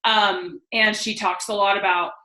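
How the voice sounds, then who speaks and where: A young woman guest speaker on a team call talks at a measured pace in a medium-pitched voice, steady yet pushed and bright. Her motivational talk is casual, enthusiastic, and chatty, heavy on "like" fillers, and the room sounds echoey.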